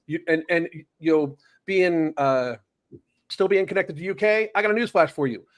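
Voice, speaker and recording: Man, co-host, blunt indignant rant, heavy swearing, slightly high pitch. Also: normal speed. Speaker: podcast co-host. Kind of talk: heated casual rant.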